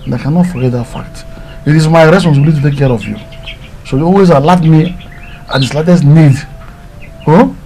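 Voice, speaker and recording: A man's voice: on the high side, brisk, mellow, a little hiss or hum, lightly acted, low-quality recording. A man playing a consoling Nigerian-accented uncle. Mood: fatherly. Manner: consoling, fatherly. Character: caring middle-aged uncle, steady.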